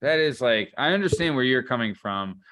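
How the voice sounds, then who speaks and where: A man's voice: medium pitch, animated, brisk, a bit bright, no echo. A man hosting a podcast in casual chat, joking and rambling. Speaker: podcast host.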